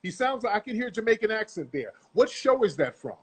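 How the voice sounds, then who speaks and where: A man's voice: high voice, sing-song, fast talker, breathy edge. A middle-aged man giving blunt, profane, lecturing commentary on a video clip.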